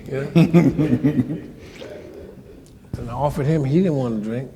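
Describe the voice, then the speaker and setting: An older man telling a story from his life to a live audience, animated and colloquial, acting out the voices of the people in it. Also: mid-range voice, takes it slowly, long pauses, big-room sound, crowd noise. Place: lecture hall before an audience.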